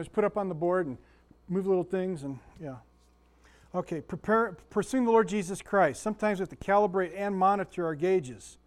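A man giving a casual, folksy Bible lesson, often asking his listeners questions and telling stories. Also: sits high. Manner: folksy, chatty, asks the room questions. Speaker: Sunday school teacher.

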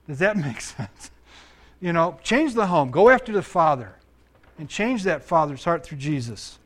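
A male preacher with a high-pitched voice delivers an animated sermon. He reads scripture passages aloud, then breaks off to comment on them and put questions to his congregation. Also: a little slow. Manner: animated, asks the audience questions. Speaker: pastor and counselor.

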